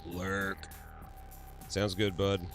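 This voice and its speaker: A man's voice: low-pitched, little pitch movement, very slow, faint music behind. A man hosting a casual livestream, laughing often, swearing freely and answering his chat. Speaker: livestream host.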